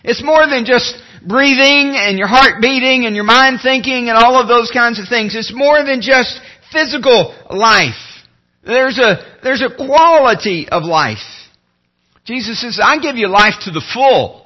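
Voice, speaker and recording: A man preaching a sermon as pastor, earnest, slowing and dropping low when he reads scripture. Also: highs cut off. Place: church sanctuary.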